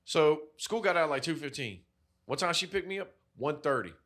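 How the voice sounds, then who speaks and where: A man with a fairly high voice tells a story as a podcast co-host. He talks loosely and with a lot of swearing, and he acts out each person in the story as he goes. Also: fairly quick. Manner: animated, profane storytelling with acted-out quotes. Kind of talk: casual chat, storytelling.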